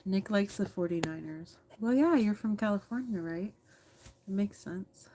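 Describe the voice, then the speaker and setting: A woman's voice: mid-range voice, normal speed, dark tone, a little hiss or hum. A woman in her thirties, teary and frank, speaking candidly to a live chat from her phone camera and swearing freely. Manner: frank, swears freely, talks back to commenters. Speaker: livestreamer reading chat.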